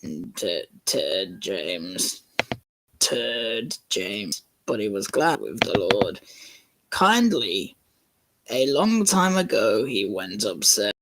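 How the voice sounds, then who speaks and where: A man's voice: fairly low pitch, big pitch swings, very slow, fairly bright tone. A man reading a script aloud for laughs, joking and stumbling over words. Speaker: fan channel host reading a script. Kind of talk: casual comedic reading.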